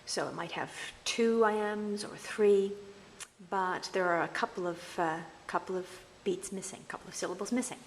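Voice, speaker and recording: A woman lecturing on verse meter, explaining patiently and reading quoted lines slowly. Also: medium pitch, big-room sound, a little hiss or hum, low-quality recording. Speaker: literature lecturer.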